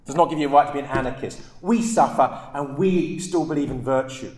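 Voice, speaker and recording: A man's voice: medium pitch, a little fast, a little mellow, lightly acted. An impassioned young man, shaken but defiant, pleading that suffering does not excuse despair, as a man reads him aloud. The voice sits in a middling register and carries in a roomy, echoing space. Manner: impassioned, emphatic reading aloud. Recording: echoey room.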